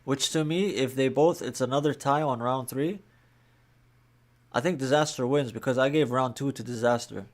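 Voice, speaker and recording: A man with a mid-range voice chats through his reactions in a relaxed, casual way. He fills his talk with "like" as he weighs each round. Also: mid-range voice, moderate pace. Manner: relaxed, chatty, many "like" fillers. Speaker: reaction channel host. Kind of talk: casual commentary.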